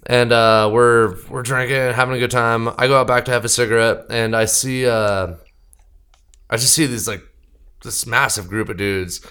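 A young man telling a rambling, profane bar story on a podcast in a casual, animated way. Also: medium pitch, normal speed, clean tone. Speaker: podcast guest, band member.

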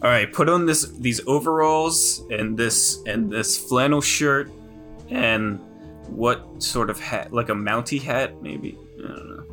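Slow-talking man running the game. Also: medium pitch, music in the background. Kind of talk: casual tabletop game play.

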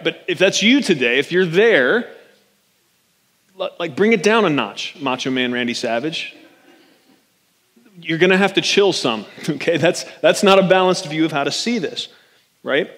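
A man preaching in a loose, joking way, forever checking in with his congregation. His voice sits a little high for a man. A long reverb from the big church hall trails after his words. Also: lively intonation, measured pace, pauses often, a bit bright. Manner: chatty and joking, often checks in with "right?". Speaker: pastor. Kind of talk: conversational sermon.

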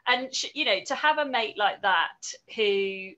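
A woman's voice: mid-range voice, expressive, a little slow, bright, forceful tone, muffled recording. A woman hosting a casual interview, talking conversationally and often checking in with tag questions. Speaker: interview host.

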